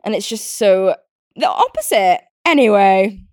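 With faint music behind her, this young British podcast host talks a little slowly in a medium-pitched, animated voice with a darkish tone. She gets riled up as she rants through a casual chat, laughing often, swearing and using plenty of fillers.

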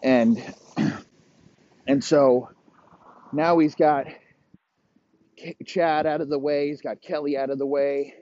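A young man hosting a comedy podcast, rambling through a crude, profane made-up story and dropping into low mock voices for the characters. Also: fairly even intonation, slow pace, long pauses, dark tone. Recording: dry, muffled lo-fi audio.

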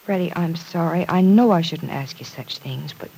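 A caring young woman in an old radio drama, gently coaxing and earnest. Her voice is soft and breathy, with an anxious patience. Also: fairly low pitch, moderate pace, poor audio. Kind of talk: 1940s radio acting.

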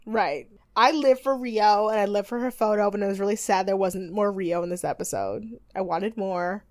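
A woman's voice: mid-range voice, moderate pace. A young woman co-hosting a podcast, recapping a TV show in rambling, giggly chat full of fillers and acted-out quotes. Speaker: podcast co-host.

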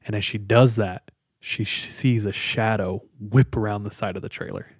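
A man's voice: on the low side, fairly even intonation, moderate pace, slightly rough, dry recording, clean studio sound. A man casually retelling a scary story to friends, chatty and loose, with lots of fillers. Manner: conversational, loose with many fillers.

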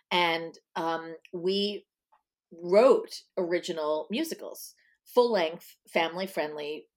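A middle-aged woman from Long Island, a guest in a casual interview, chatting with lots of ums and you-knows. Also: fairly low pitch. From Long Island, New York. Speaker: guest, author.

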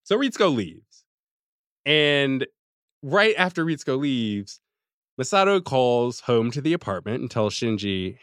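A man co-hosting a podcast in casual chat, animated and laughing often, recapping episodes on a close mic. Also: medium pitch, clear, resonant tone, no echo. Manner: animated, laughing, slips into quick character voices. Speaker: podcast co-host recapping an anime.

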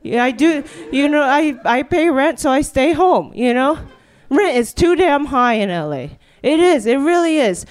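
A woman's voice: sits high, animated, unhurried. A young woman doing a rambling stand-up monologue on stage, then hosting a live comedy show. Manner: rambling, riffing, full of "you know". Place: stage before a live audience.

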